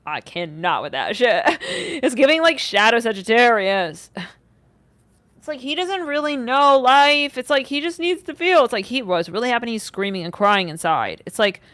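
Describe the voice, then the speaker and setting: A young woman reads tarot on a casual livestream, her pitch leaping up and down as she rants. She fills her talk with "like", swears freely and breaks into sudden exclamations. The sound is close and dry, with no room around it. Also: moderate pace, no echo. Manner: animated, swearing, many likes, sudden outbursts. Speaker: tarot reader.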